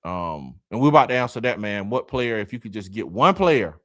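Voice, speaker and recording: A man's voice: fairly low pitch, fairly quick, no echo, clean studio sound. A man hosting a casual sports talk livestream, reading viewer comments in a loose, laughing way, dropping y'all and man. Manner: lively, laughing, Southern slang like y'all and man. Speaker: live stream host reading comments.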